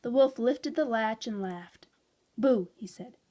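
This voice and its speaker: A woman's voice: fairly high pitch, animated, a little slow, mellow. Woman reading a children's storybook aloud. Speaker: storybook reader.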